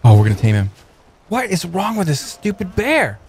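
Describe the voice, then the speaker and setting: A man hosting a let's play, commenting on gameplay in an excitable, joking way with many exclamations. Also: sits high, moderate pace, slightly rough.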